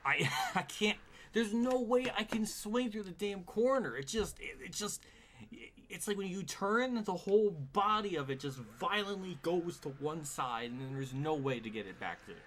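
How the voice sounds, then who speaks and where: A man streaming live from home talks through a racing game, exasperated and swearing freely, with laughs breaking in. His voice swings widely up and down. Steady noise is clearly heard under his voice. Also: sits high, normal speed. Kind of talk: live gameplay commentary.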